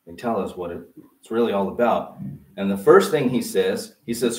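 A male pastor preaching a sermon, often pausing to let the congregation fill in a word. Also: fairly low pitch, animated. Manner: interactive preaching, prompting the congregation to fill in words. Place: church. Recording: roomy sound from a distant mic.

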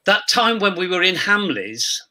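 An older man, a guest telling lively anecdotes and laughing often. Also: sits high, moderate pace, poor audio. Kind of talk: casual reminiscing chat.

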